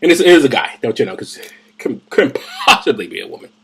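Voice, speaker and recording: Brief: husky man, lively swings in pitch, rambling and profane, a little drunk. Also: fast. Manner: rambling, profane, tipsy asides. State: drinking gin. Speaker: host of a comedic Bible reading. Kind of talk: casual comedic commentary.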